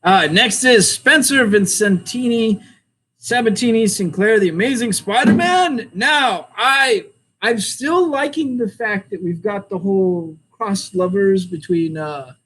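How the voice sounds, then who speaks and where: American man, high-pitched, opinionated, rambling, laughing a lot, casual chat, faint ambience. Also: unhurried, a bit bright, slight background noise, poor audio. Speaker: comic shop owner reviewing comics.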